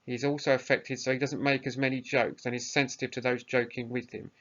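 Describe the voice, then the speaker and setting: A man's voice: mid-range voice, flat delivery, fast, fairly bright tone. A male teacher giving a recorded lesson, explaining tasks plainly and often hesitantly. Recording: muffled lo-fi recording.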